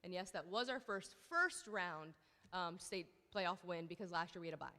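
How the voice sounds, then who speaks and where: A woman's voice: on the low side, fast talker, a bit bright. A woman in her thirties, a girls' team coach, giving an emotional awards ceremony speech with nervous ums and many thanks. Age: 30s. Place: large hall at a school ceremony. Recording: hall reverb from a PA speech.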